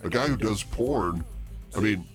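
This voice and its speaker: Sick, coughing co-host, a man with a very deep voice, joking, music playing clearly behind. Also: expressive, a little slow. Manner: laughs easily, joking. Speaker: podcast co-host. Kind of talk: casual chat.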